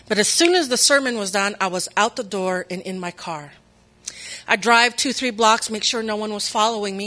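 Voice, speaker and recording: Bright-voiced woman sharing an emotional testimony. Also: mid-range voice. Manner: earnest, emotional, acts out quoted voices. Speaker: speaker sharing her testimony. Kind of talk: personal testimony storytelling.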